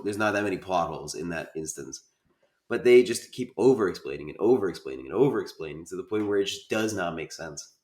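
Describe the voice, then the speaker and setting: A man's voice: deep voice, echoey room. A man co-hosting a casual film review chat, emphatic and repeating his points as he complains at length. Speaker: podcast co-host.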